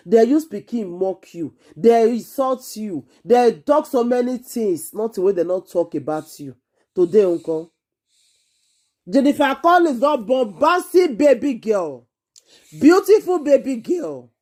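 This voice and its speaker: A woman with a Nigerian accent, hosting an excited monologue to camera in an emphatic, repetitive, exclaiming way. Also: medium pitch, measured pace. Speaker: vlogger host.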